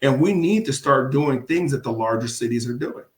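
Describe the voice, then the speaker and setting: In an echoey room, a commissioner running for city council gives a casual interview, talking with emphasis, repeating words to stress them, and laughing frequently. His voice is medium-pitched and expressive, at a normal speed.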